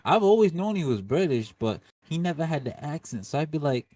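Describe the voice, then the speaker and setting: A man's voice: a little high, sing-song, fairly quick, a little mellow, dry recording, clean studio sound. A man co-hosting a casual podcast, easygoing and agreeable, using laid-back slang. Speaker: podcast co-host. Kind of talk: casual chat.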